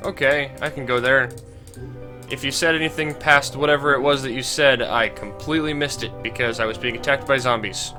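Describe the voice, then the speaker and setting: A man's voice: mid-range voice, steady tone, a little fast, over music. A young man with a stuffy cold, giving dry, sarcastic commentary while playing a computer game. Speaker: gaming channel host.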